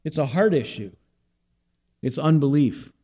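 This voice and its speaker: A man's voice: fairly high pitch, expressive, unhurried, dark tone, big-room sound, highs cut off. A man preaching a conversational sermon, acting out the lines of biblical dialogue as he retells them. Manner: conversational, acts out scripture dialogue. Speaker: pastor.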